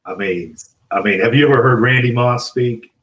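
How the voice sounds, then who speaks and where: A man's voice: medium pitch, moderate pace, a bit bright, lo-fi sound. A man joining a livestream chat, chatty and laughing, over a video call. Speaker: event participant. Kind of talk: casual chat.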